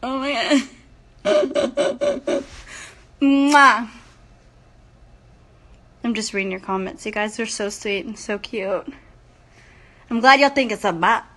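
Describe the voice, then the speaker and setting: Bubbly high-voiced young woman livestreaming. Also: sing-song, slow, long pauses, fairly bright tone. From San Antonio, Texas. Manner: bubbly and gushing, laughs often. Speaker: singer talking to fans on a phone livestream. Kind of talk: casual livestream chat. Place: her room at night. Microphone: phone. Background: music playing in the background.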